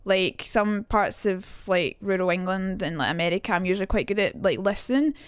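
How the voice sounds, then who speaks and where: A woman's voice: mid-range voice, brisk, clear, resonant tone, no room sound. A woman streamer chatting casually and rambling as she reacts to her chat during a live stream, speaking into a streaming mic.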